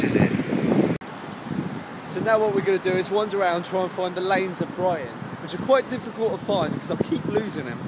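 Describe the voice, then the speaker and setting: A young man casually vlogging a day out, chatty and teasing, filmed on a handheld camera in windy seaside streets. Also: on the high side. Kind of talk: casual vlog narration. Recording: windy outdoor noise, traffic.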